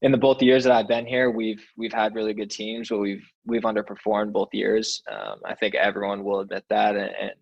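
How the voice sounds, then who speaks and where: A young man speaks low and fairly flat, relaxed, as a guest recounting his career. He loops back with fillers and restarts, casual and unhurried. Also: vocal fry, lo-fi sound. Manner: relaxed storytelling with many fillers. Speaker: soccer player, guest. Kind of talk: casual interview chat.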